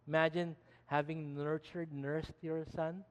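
Pastor guy, high voice, emphatic sermon, lots of restarts, hall reverb. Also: level tone, unhurried, clear, resonant tone. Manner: emphatic preaching with frequent restarts.

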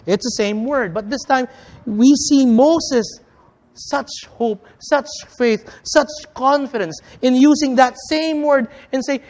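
A preacher delivering a sermon with a repetitive, emphatic cadence, calling the listeners friends and swinging between loud stresses and soft, drawn-out phrases. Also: mid-range voice, in a large hall.

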